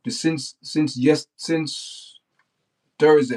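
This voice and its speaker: A man hosting his own livestream, talking off the cuff with no script. His voice sits at an ordinary, middle pitch. He rants bluntly and keeps repeating the same phrases as he circles back to his point. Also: normal speed. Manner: blunt, repetitive ranting. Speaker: livestream host. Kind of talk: unscripted livestream monologue.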